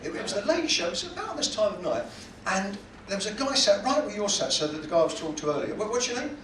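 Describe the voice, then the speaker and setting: A man's voice: high voice, big pitch swings, fast talker, background noise. A man with a British accent doing stand-up comedy in a cruise ship cabaret lounge, self-deprecating and teasing the audience. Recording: echoey room, heard from a distance.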